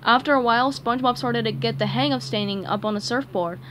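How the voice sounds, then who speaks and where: A young woman reading a children's storybook aloud in an expressive, animated way. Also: on the high side, fast, a little hiss or hum. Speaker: story reader.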